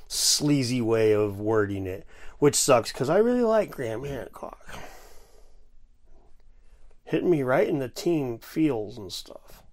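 A man hosting a casual reaction video, ranting with sarcasm and frequent swearing. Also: medium pitch. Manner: ranting, sarcastic, profane, animated. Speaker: video host reacting to a clip.

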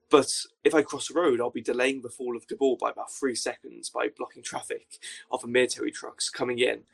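A young man telling a story as a podcast guest, with dry, deadpan understatement. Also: mid-range voice, vocal fry. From Wales. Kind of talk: casual storytelling anecdote.

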